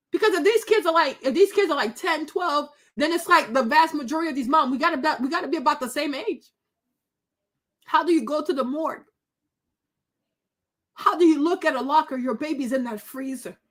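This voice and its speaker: Tearful high-voiced woman vlogger. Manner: emotional, repeats phrases, tearful at times. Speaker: vlog host. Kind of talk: emotional political commentary vlog.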